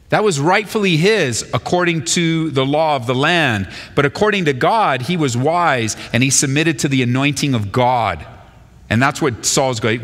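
A male pastor giving a sermon and reading scripture aloud, with an animated delivery that jumps higher in pitch when he quotes speakers. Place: church sanctuary. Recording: long hall reverb.

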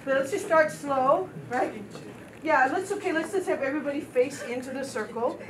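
A woman's voice: high-pitched, animated, a little fast, crowd noise. A woman teaching a group drum and dance class, counting steps, chanting rhythm syllables and encouraging her students. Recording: distant mic with loud noise.

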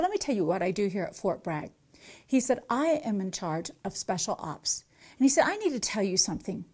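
A middle-aged woman teaches in a storytelling sermon style. She is animated and switches into the voices of the people in her account as she goes. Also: medium pitch. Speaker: Christian author and teacher.

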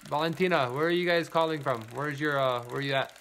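A man's voice: on the high side, fast, a bit bright, slight background noise. A man chatting through a live product demonstration, greeting viewers by name and switching into broken Spanish, filmed on a phone at home. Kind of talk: casual live product demo.

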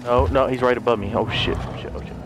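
A man playing a horror game and commenting live, swearing, shouting in panic, repeating himself and laughing. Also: medium pitch, fairly even intonation, fast talker. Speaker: let's play gamer. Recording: loud game music and effects behind.

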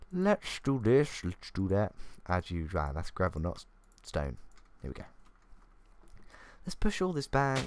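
Young gamer, low voice with bouncy intonation, self-mocking running commentary. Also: male voice. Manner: chatty, self-mocking, thinking aloud. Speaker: gaming YouTuber. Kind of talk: casual gameplay commentary. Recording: faint keyboard clicks.

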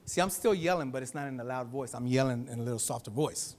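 A male pastor preaching at a church service, swinging from loud exhortation to softer speech and calling out to the congregation for a response. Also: mid-range voice, quick pace, hardly any pauses. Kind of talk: sermon.

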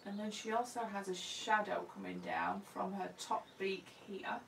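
Woman chatting away while she paints live, a bit gravelly, sounds roomy and set back from the mic. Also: medium pitch, fairly even intonation, normal speed, a bit bright, far from the mic, a little hiss or hum. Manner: homely and self-deprecating, talks to herself as she works.

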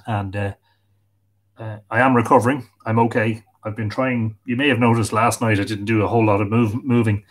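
A man's voice: lowish voice, fairly even intonation, a little fast. A middle-aged Irish man hosting a casual livestream, chatting and greeting viewers by name, a little tired from a sore back. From Ireland. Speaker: livestream host. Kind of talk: casual livestream chat, reading comments.

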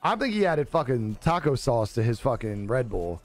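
A man's voice: mid-range voice, sing-song, moderate pace. A young man on a live stream chatting casually with viewers, laid-back and joking, swearing freely and laughing often. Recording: dry close-mic with faint music behind.

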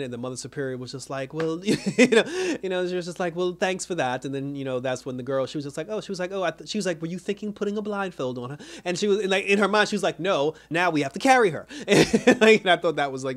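Male reviewer, fast and animated, casual recap voice that acts out the characters. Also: on the high side. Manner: animated, laughs often, acts out characters' lines. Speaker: show reviewer.

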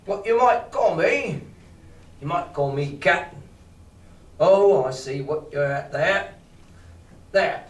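A man voicing a gruff, commanding old sea captain while reading a novel aloud to a class. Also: on the high side, expressive, slow, pauses often. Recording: roomy classroom, mic far off.

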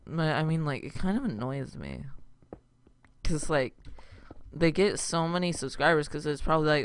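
Man, gaming commentary, rambling and excitable, crisp voice, gravelly edge. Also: fairly high pitch, normal speed. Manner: rambling, excitable, sudden loud outbursts. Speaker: gaming channel host. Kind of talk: casual let's-play commentary.

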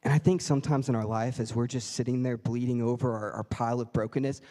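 A man's voice: medium pitch, steady tone, fast talker, mellow. A man preaching a sermon as a pastor, telling a story and acting out voices in quotes. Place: church sanctuary. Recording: reverberant church hall.

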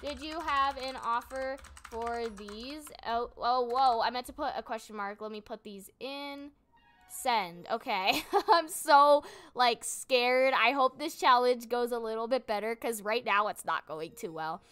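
Bright, high-voiced young woman narrating gameplay. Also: a little slow, smooth. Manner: chatty, giggly, thinks aloud while trading. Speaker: gaming channel host. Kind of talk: casual gameplay commentary.

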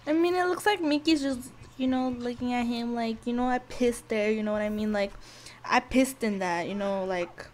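Foul-mouthed woman yelling at her game. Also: a little high, normal speed, a little hiss or hum. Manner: profane, loud outbursts at the game; slangy, talks to viewers directly. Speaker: gameplay video host. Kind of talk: casual gameplay commentary.

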